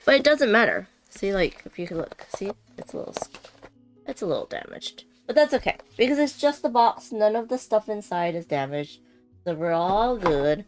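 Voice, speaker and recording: A woman chatting casually and giggling as she unboxes a board game on a stream, thinking aloud as she goes. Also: mid-range voice.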